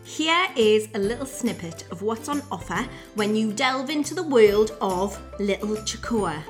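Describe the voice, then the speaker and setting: A woman's voice: mid-range voice, animated, a little slow, faint music behind. A woman hosting a podcast in casual, giggly banter. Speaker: podcast host. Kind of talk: casual chat.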